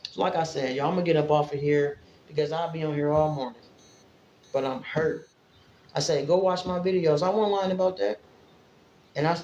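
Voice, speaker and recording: A woman's voice: low-pitched, a little mellow, roomy sound, dull audio, slight background noise. A woman from Indiana talking straight to her viewers in a casual vlog, rambling and emotional. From Fort Wayne, Indiana, US. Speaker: vlogger. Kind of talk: casual livestream-style vlog talk.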